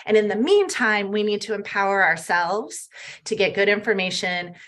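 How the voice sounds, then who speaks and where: Middle-aged woman guest, bright voice, earnest and upbeat interview talk. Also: mid-range voice, moderate pace. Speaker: guest health coach. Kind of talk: casual interview chat.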